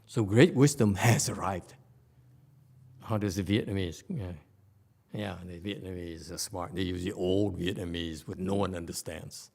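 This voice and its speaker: A man's voice: low voice, a little slow, a little mellow. A man giving a conversational Buddhist sutra lecture, often stopping to question his audience. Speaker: Buddhist teacher.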